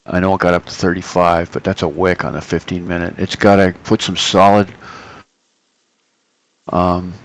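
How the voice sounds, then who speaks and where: In a live trading stream, a middle-aged man offers casual market commentary in a low, level voice at a moderate pace. He chats loosely, pausing often, with plenty of fillers and self-corrections, and the audio quality is poor.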